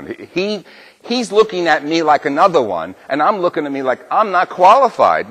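Husky-voiced older priest preaching in a church. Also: male voice, mid-range voice, fast. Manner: animated storytelling with acted dialogue. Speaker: Catholic priest. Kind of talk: Sunday homily. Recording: long church reverb.

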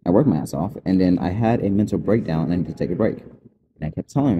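Rapid-talking man with a dark, lower voice. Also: a little hiss or hum. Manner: rambling and aggrieved, jumping between events. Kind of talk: unscripted personal monologue.

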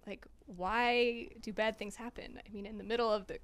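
A woman's voice: on the high side, steady tone, normal speed, a bit bright. Earnest woman reflecting on faith. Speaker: retreat participant. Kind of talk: casual faith discussion.

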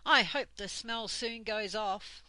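An older woman voicing a sensible young girl in a storybook, bright and a little fussy. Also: on the high side, slow, dry recording. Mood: teasing.

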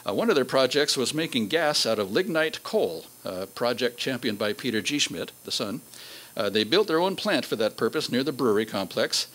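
A man giving a local history talk, reading old newspaper quotes aloud in a measured way with fillers. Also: mid-range voice, lively intonation, fairly bright tone, rough recording.

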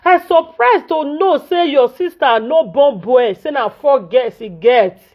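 Nigerian woman vlogger, fairly high voice, indignant and scolding, dull lo-fi sound. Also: expressive, a little slow. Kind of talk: venting in Nigerian Pidgin. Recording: dull lo-fi audio.

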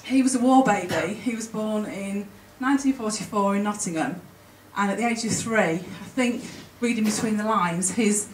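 Emotional and chatty, this woman presents at a conference while repeatedly restarting her sentences. Her voice sits in the mid range. Heard from a distance in the roomy hall, the recording has faint ambience and a little hiss or hum.

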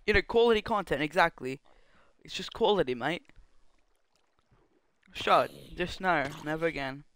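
A young man chatting casually on a gaming livestream, joking and rambling with quick laughs. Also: fairly high pitch, animated, a bit bright, a little hiss or hum. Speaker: streamer.

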